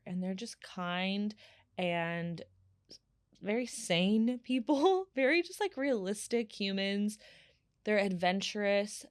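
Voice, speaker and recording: A woman in her thirties hosting a casual solo podcast, telling stories in a chatty, animated way with lots of fillers. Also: medium pitch, smooth, no echo, clean studio sound. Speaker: podcast host.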